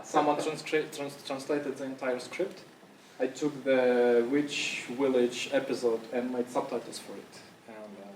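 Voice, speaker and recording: A man with a mid-range voice gives a relaxed conference talk, speaking loosely with lots of fillers and restarts and coughing occasionally. Background noise is audible, and his voice sounds distant in an echoing room.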